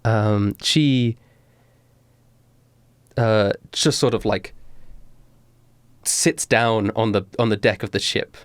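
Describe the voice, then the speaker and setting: A man narrating a tabletop game as game master, unhurried and with many fillers. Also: lowish voice, dry recording.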